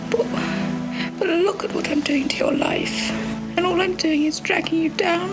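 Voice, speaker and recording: An actress playing a distraught young woman doctor with a posh British accent, pleading and near tears, in a TV drama clip with loud music behind her. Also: very high voice, moderate pace. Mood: despairing. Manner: pleading, tearful.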